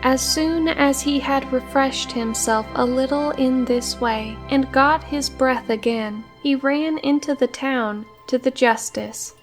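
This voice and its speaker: A woman reading a fairy tale aloud as a storyteller, in a measured way. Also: sits high. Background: faint background music.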